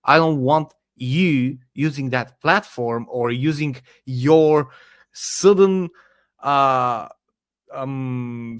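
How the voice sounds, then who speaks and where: A man speaking as a podcast guest, giving forceful opinions with frequent hesitations. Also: medium pitch, no echo. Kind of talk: casual online debate chat.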